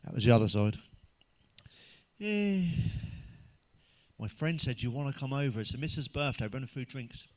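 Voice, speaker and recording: With big pitch swings and a darkish mid-range voice, a middle-aged comedian talks at a moderate pace and pauses often. His stand-up monologue rambles through blunt, profane jokes, and he chuckles at his own punchlines.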